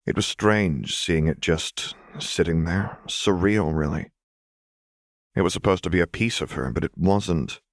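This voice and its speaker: A man with a very deep voice reads fan fiction aloud in a calm, measured storytelling manner. The recording is close and dry, with no room sound. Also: dry recording. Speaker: audiobook narrator. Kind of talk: scripted narration of fan fiction.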